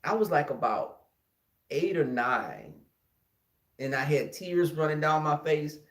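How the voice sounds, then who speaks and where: A man from Houston with a Texan accent, telling a childhood story in an animated, casual way to his listeners. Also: fairly high pitch, slow pace. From Houston, Texas. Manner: animated, addresses listeners as y'all, acts out the scenes. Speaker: podcast host. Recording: echoey room.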